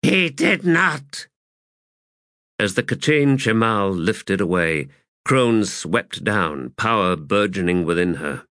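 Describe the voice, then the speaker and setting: Slow, measured male audiobook narrator. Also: low voice, animated, fairly bright tone, no room sound, studio quality. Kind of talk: scripted fantasy narration.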